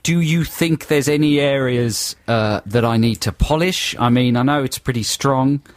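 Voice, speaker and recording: A man's voice: mid-range voice, moderate pace, no room sound. A man co-hosting a radio show, bantering in a teasing, joking way and prone to giggles. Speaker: radio co-host. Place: radio studio.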